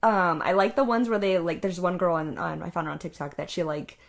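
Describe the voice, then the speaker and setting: A woman's voice: fairly low pitch, fairly even intonation, fairly quick, gravelly. A young woman co-hosting a podcast, talking in a rambling, earnest way with many "like"s, into a podcast mic. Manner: rambling, full of "like", soft and earnest. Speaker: podcast co-host. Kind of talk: casual chat. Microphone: podcast microphone.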